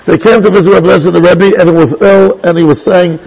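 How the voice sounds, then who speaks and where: A man teaching a Torah class in an animated way, restarting sentences and mixing in Hebrew terms. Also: sits high, fast talker, vocal fry, husky, highs cut off. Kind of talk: lively Torah lecture.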